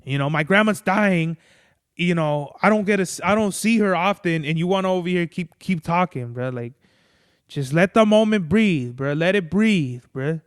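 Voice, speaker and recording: Podcast host, male, loose rambling monologue, slightly high and crisp, dry close sound. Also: lively intonation, moderate pace, no echo. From Mexican-American family. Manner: rambling, profane, lots of "like" and "bro". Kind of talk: casual solo monologue.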